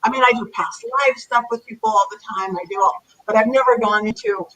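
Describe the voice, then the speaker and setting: A woman being interviewed as a psychic medium, chatting in a lively, animated way over a video call. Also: fairly high pitch, brisk, rough recording. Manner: chatty, animated, acts out commands to spirits. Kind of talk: casual interview chat.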